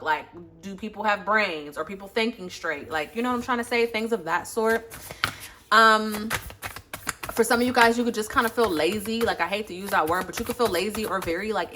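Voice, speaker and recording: A woman's voice: medium pitch, pushed and bright, a little hiss or hum. A woman giving a casual tarot reading into her phone, chatty, blunt and slangy, with lots of profanity. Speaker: tarot reader. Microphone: phone, face off camera.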